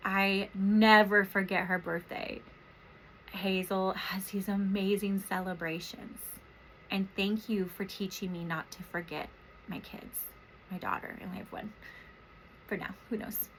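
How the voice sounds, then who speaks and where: A woman in her thirties, a therapist and podcast host from Washington State, speaking softly and emotionally in a rambling, reflective personal monologue. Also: mid-range voice, fairly even intonation, unhurried, slight background noise, low-quality recording. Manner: soft, emotional, rambling with many fillers.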